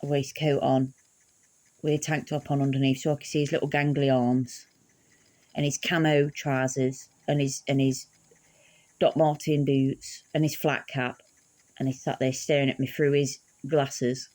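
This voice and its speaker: A woman's voice: very deep voice, little pitch movement, unhurried, a little mellow. A woman telling a funny personal story in a casual, swearing, laughing way. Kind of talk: casual anecdote.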